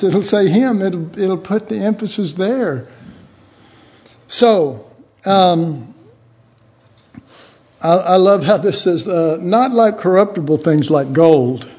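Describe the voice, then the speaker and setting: A man's voice: high-pitched, a little mellow. A man giving a conversational Bible teaching, chatty and informal, acting out little imagined dialogues. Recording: dull lo-fi recording.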